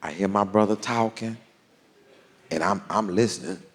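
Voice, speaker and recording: A man telling a long story on stage as a stand-up comedian, drawling and animated, with deadpan punchlines. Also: lowish voice, normal speed. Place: large theater stage. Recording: long hall reverb, faint crowd ambience.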